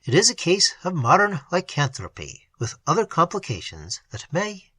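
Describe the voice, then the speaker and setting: Narrator as composed male doctor, quiet authority, bright and husky tone, dry close sound. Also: mid-range voice, huge pitch swings, no room sound, heavily acted. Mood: grave. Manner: quiet, measured, decisive.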